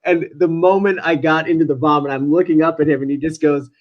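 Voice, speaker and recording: A man from Wisconsin, telling stories as a guest on a video call, animated and quick to laugh. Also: a little high, muffled recording. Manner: animated, laughing, swears casually. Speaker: guest actor. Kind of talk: casual storytelling in an interview.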